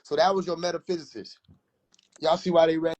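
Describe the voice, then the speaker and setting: A man's voice: fairly high pitch, steady tone, quick pace, a little mellow. A man hosting a live stream, boisterous and mocking in a casual rant, laughing often. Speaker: livestream host.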